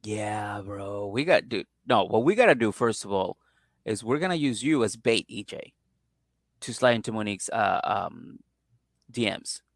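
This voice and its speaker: A man's voice: on the low side, lively intonation, normal speed, no room sound, studio quality. A man co-hosting a comedy podcast at home, chatting casually and acting out people's lines in put-on voices. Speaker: podcast co-host recapping a reality show. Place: at home on a couch with his dog.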